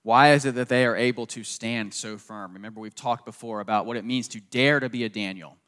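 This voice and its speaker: Earnest preacher in a reverberant hall. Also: male voice, mid-range voice, brisk, fairly bright tone, clean tone. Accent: slight Southern. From southeastern United States. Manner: earnest, repeats phrases for emphasis, asks "okay?". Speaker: pastor. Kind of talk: sermon.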